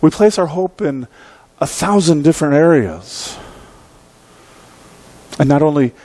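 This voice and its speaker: A man's voice: fairly high pitch, expressive, a little slow, dark tone. A man in his forties preaching a sermon in a church, telling a story in a conversational, self-deprecating, humorous way and often checking in with the congregation. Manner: conversational storytelling, keeps asking the congregation "right?". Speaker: pastor. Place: church sanctuary.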